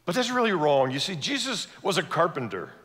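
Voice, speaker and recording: A man who grew up in Ivory Coast, preaching a sermon with animated storytelling and questions to the audience. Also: a little high, fairly quick. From Ivory Coast, West Africa. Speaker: guest preacher. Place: church sanctuary. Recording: long church reverb.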